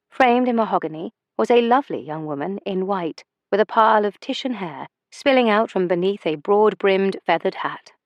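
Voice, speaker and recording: A woman reads a romance novel aloud with measured, expressive storytelling. Her voice sits at a middle pitch for a woman. The recording is very dry and close, with no room sound. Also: dry recording. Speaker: audiobook narrator. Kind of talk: scripted romance narration.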